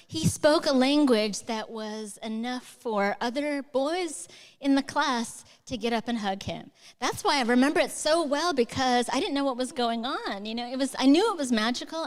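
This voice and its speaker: A woman's voice: fairly high pitch, clear, resonant tone, in a large hall. A woman author answering audience questions at a live event, talking in an enthusiastic, chatty way with lots of fillers. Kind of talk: live onstage conversation.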